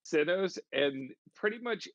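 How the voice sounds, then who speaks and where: A man with a somewhat high voice jokes and swears his way through the session. His dry mic sounds dull and lo-fi. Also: expressive, measured pace, dry recording. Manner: loud joking, heavy swearing. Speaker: player. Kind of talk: casual chat at a tabletop game.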